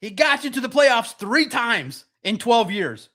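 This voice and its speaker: High-voiced man ranting emphatically. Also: expressive, slow pace, hardly any pauses, pushed and bright. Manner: emphatic, repetitive, mocking. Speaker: podcast host. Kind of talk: heated sports podcast rant.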